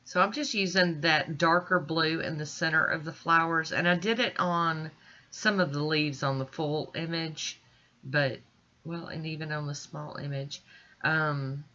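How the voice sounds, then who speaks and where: A woman's voice: deep voice, unhurried, pushed and bright, muffled recording. A woman with stuffy, congested sinuses, chatting reassuringly to viewers as she walks through a nail art tutorial at home. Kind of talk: casual step-by-step tutorial narration.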